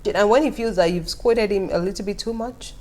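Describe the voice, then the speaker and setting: A young woman, telling stories to her viewers in a casual vlog with an animated, laughing manner. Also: medium pitch, a little fast, slight background noise. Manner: animated, laughing often, talking straight to viewers. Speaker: vlogger. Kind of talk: casual storytelling to camera.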